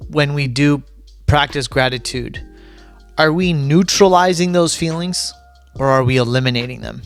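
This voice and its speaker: A man's voice: fairly high pitch, normal speed, gravelly, faint music behind. A man hosting a podcast interview, asking questions and offering short, encouraging affirmations. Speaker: podcast host.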